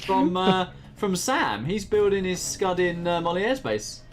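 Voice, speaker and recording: A man's voice: sits high, unhurried, faint music behind. Chatty man casting a game. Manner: chatty, laughs often, lively commentary. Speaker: game caster. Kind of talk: casual esports commentary.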